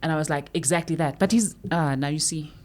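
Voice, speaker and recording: A woman's voice: deep voice, fast. A woman co-hosting a podcast, chatting casually and acting out quotes as she tells stories. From South Africa. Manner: animated storyteller, acts out quotes. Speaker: podcast co-host. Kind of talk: casual chat.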